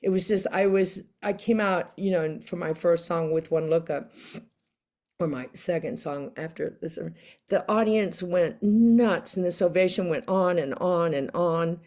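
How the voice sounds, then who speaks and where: A woman guest in an interview, telling stories in a casual, animated way and acting out the people she quotes. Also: lowish voice, a little slow. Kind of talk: casual storytelling in a sit-down interview.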